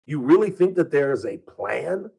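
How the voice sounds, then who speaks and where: Husky, combative male radio host. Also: on the high side, sing-song, moderate pace, dark tone, low-quality recording. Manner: combative, full of rhetorical questions. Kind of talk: opinionated talk radio monologue. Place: radio studio. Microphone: studio microphone.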